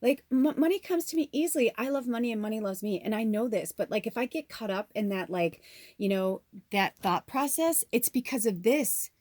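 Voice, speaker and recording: A woman's voice: mid-range voice, normal speed, a little mellow, no echo. Candid, swearing woman tarot reader. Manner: candid and emotional, swears freely. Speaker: tarot reader and channel host. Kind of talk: casual spiritual vlog monologue.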